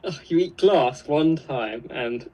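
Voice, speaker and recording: A man's voice: a little high, slow pace, darkish tone, slightly rough, low-quality recording. A man co-hosting a live stream, reading viewer comments aloud in a casual, chuckling way. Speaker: co-host reading live chat.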